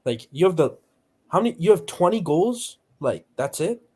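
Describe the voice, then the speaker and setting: A man with a fairly high voice argues football in a blunt, heated way, peppering his points with swearing. He talks in loose, casual chat with plenty of fillers. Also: moderate pace, breathy edge. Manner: blunt, swearing, animated arguing. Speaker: panelist.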